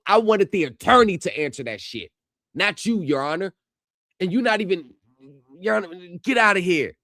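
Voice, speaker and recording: A man live-streaming reactions to court footage, talking straight to his viewers and shouting at the screen. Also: high voice, expressive, normal speed, dry recording. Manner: heated, yells at the screen; addresses viewers directly.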